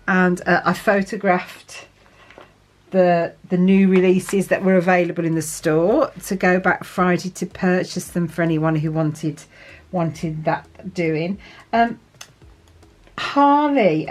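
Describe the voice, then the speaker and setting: A woman chatting casually to viewers as she fills in her planner, often asking them tag questions and laughing. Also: mid-range voice. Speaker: planner vlogger. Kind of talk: casual chat while journaling.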